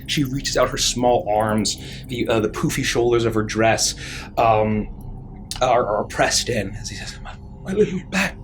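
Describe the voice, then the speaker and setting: A man's voice: mid-range voice, steady tone, a little slow, faint music behind. A man narrating as dungeon master, describing scenes vividly with frequent fillers. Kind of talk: narrating a tabletop game.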